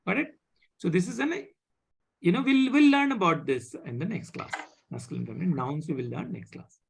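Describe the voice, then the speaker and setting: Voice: medium pitch, expressive, moderate pace, vocal fry, breathy edge. A French teacher, leading a live online beginner class over a video call, patiently repeating points and checking that students follow. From India.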